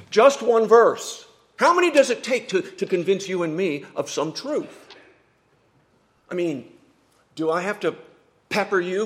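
Preacher, male, slightly high voice, dramatic storyteller who drops to a hush and then hits points hard. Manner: dramatic, swings from hushed to loud emphatic. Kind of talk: sermon storytelling.

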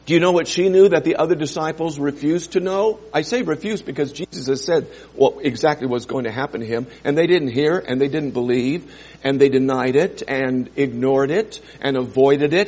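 A male pastor preaching a sermon, dropping to quiet asides and rising to loud, emphatic scripture quotes. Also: mid-range voice, normal speed, husky.

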